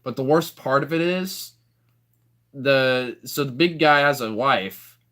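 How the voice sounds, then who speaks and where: Rambling young man, bright voice. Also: medium pitch, slow pace. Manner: rambling, filler-heavy storytelling. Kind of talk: casual chat.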